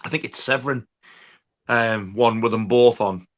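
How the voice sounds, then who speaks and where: Bloke co-hosting a film chat, dry and blunt, mid pitched voice. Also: male voice, moderate pace, lo-fi sound. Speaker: co-host.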